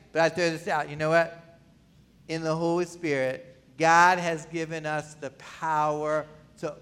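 Bright-voiced man preaching a sermon. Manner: pleading, rising to near-shouts, then dropping low; calls out questions to the congregation. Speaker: pastor. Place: church.

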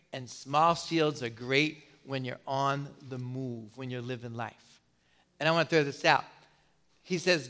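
A middle-aged man preaching a sermon as a pastor, putting questions to the congregation and pausing for effect. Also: a little high, bright, forceful tone.

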